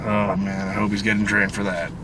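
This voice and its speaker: A man's voice: lowish voice, monotone, fairly quick, background noise. A man co-hosting a casual movie review chat, reacting with short exclamations and casual swearing. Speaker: review co-host.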